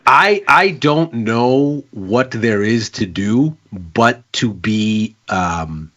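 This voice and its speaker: Middle-aged male analyst, bright forceful tone, measured explainer. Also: mid-range voice, animated, highs cut off. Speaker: market analyst co-host. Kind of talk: casual chat and market analysis.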